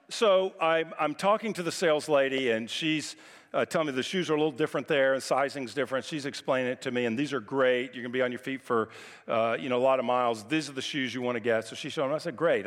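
A male pastor with a mid-range voice delivers a sermon in a relaxed, conversational way. He turns to humorous storytelling in a church sanctuary, and the sound rings with long hall reverb. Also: mid-range voice.

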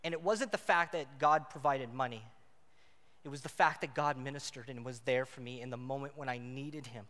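A married man delivers a sermon with a bright, forceful tone, his voice pitched a little high for a man. He moves from loud, emphatic stretches to quiet, intimate ones. The sound carries the long reverb of a church hall. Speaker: preacher.

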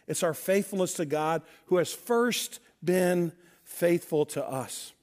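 A man's voice: high voice, takes it slowly, a little mellow. A man from Missouri preaching a sermon to a congregation, telling stories with acted-out dialogue and emphatic points. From Missouri, USA. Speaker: pastor.

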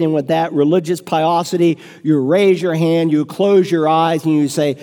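High-voiced preacher in a reverberant church. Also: male voice, a little slow, dark tone. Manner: emphatic, rhetorical preaching. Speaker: pastor. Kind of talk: sermon. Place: church sanctuary.

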